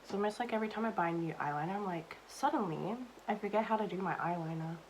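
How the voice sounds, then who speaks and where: A young woman talks casually while she does her makeup, rambling and self-mocking, with "like" scattered through every sentence. Her voice sits at an ordinary middle pitch. Faint room ambience hums behind her. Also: quick pace, slight background noise, poor audio. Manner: chatty, self-deprecating storytelling with lots of "like". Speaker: beauty vlogger.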